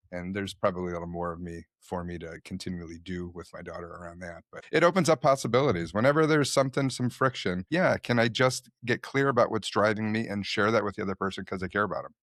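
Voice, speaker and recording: A man's voice: sits low, fairly bright tone, dry recording, clean studio sound. A man hosting a podcast who speaks reflectively and candidly, often poking fun at himself. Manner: candid, self-deprecating, thoughtful. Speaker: podcast host. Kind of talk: reflective conversational talk.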